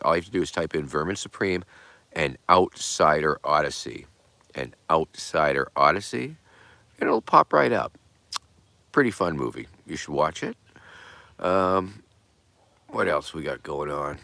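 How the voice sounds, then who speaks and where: A middle-aged man hosting a livestream, chatting in a rambling, profane way that often trails off softly. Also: low-pitched, dry recording. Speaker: livestream host. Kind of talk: rambling casual livestream chat.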